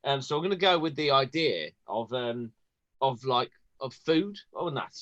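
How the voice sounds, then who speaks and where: A man's voice: medium pitch, animated, a little slow, a bit bright, no room sound, poor audio. A man from Birmingham with a Birmingham accent, telling a self-mocking story in casual chat over a video call. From Birmingham, England. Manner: rambling, self-mocking, with many ums. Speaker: guest on a motoring chat show.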